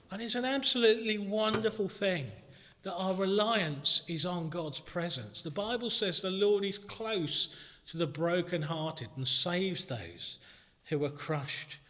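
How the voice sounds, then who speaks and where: A man delivering an earnest, conversational sermon in a church. His voice is fairly high and bright, and it carries a long reverb through the hall. He drops to a hush and then climbs back up. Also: lively intonation, a little slow. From Britain. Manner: earnest, conversational preaching with swings from hushed to shouting. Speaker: minister.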